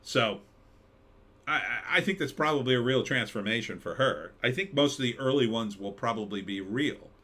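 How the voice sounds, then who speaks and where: A man with a mid-range voice and a sharp tone talks at normal speed, sounding animated as he hosts a live stream. He reads viewer comments in a mid-Atlantic American accent, keeping things rambling and conversational with the occasional mock announcer bit.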